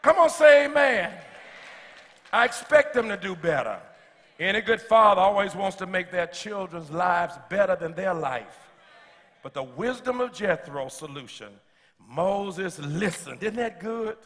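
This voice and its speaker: A man preaching a sermon as pastor, calling out to the congregation and building to shouts, with touches of humor. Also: sits high, expressive, measured pace, big-room sound. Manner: slips in humor. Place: church sanctuary.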